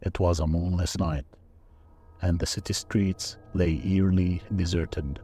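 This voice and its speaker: A man reading a scripted first-person horror story in a slow, measured, even delivery. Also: low-pitched, slight background noise. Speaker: narrator.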